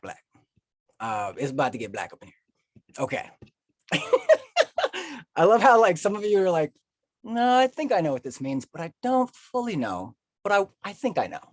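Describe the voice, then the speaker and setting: Husky man performing spoken word poetry. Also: mid-range voice, no room sound. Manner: playful, chatty, calls to the audience. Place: home setting on a video call.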